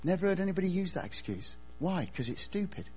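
A man preaching a lively sermon, dropping from loud outbursts to quiet, earnest asides. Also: high voice, quick pace, slight background noise. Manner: animated storytelling, swings from loud to quiet.

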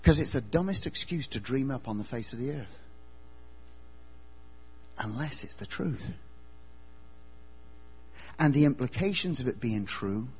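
Animated, husky-voiced preacher. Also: male voice, medium pitch. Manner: animated storytelling, swings from loud to quiet. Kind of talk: sermon.

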